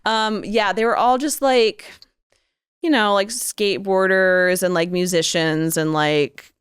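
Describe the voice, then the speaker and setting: Chatty woman guest, laughs a lot, lots of likes and ums, mid pitch. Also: steady tone, a little slow, clean tone. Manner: chatty, laughing, filler-heavy. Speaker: guest author. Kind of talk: casual podcast storytelling.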